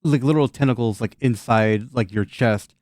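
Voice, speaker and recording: A man's voice: mid-range voice, moderate pace, a little mellow, no echo, clean studio sound. A man narrating a tabletop game as game master, casual and joking, with lots of swearing and fillers. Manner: casual, laughing, swears often, many fillers.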